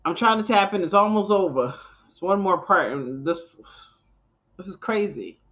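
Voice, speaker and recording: A woman's voice: on the low side, expressive, normal speed, fairly bright tone, highs cut off. A woman hosting a live reaction stream, rambling and exasperated and restarting often.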